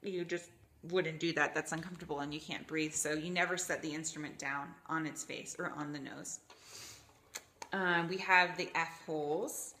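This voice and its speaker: A woman from Florida teaching violin, patiently explaining the parts of the instrument and sometimes demonstrating pitches with her voice. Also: steady tone, normal speed, bright, forceful tone, a little hiss or hum. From Gainesville, Florida, USA. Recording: roomy echo, faint violin.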